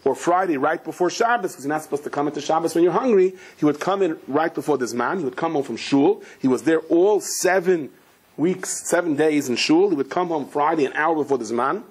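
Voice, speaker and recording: A husky-voiced rabbi gives a lively Torah lecture, his voice sitting a little high for a man. He tells stories as he teaches and mixes Hebrew and Yiddish terms into his English. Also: fairly quick. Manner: acts out the characters in a story with sudden high, shouting outbursts. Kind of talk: animated Torah lecture with storytelling.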